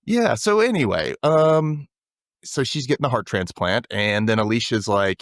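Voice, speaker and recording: A man hosting a casual recap podcast, telling the plot in an animated way and acting out characters' lines. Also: lowish voice, moderate pace, dry recording, clean studio sound. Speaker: podcast host.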